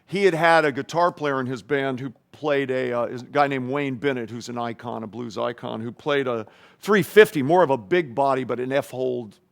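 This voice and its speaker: A man's voice: medium pitch, normal speed, creaky. A man, a guest guitarist, rambling through anecdotes in a casual interview and acting out voices and guitar sounds.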